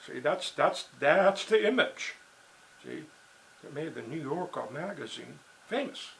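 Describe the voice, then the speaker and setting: Gravelly man rambling on. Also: fairly high pitch, lively intonation, measured pace, poor audio. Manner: digressive, peppered with "you know" and "see". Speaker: writer and blogger. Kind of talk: rambling monologue.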